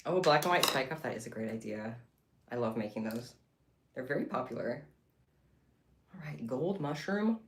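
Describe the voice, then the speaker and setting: Woman streamer, low voice, very animated, chatty, casual chat to viewers. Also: normal speed, pauses often, reverberant, a little hiss or hum. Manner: chatty and excitable, talking to chat. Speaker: livestreamer making bead bracelets.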